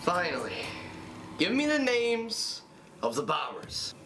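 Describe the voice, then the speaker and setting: A man's voice: sits high, wildly swooping pitch, takes it slowly, bright, forceful tone, faint music behind, full character voice. A man acting a stern, grieving father demanding names in a parody sketch, growing exasperated. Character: grieving father hunting his daughter's killers, stern.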